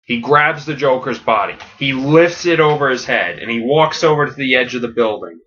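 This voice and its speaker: Rambling man pitching a story. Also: normal speed, highs cut off, slight background noise. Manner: rambling, filler-heavy, deadpan enthusiasm. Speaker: podcast host pitching a story.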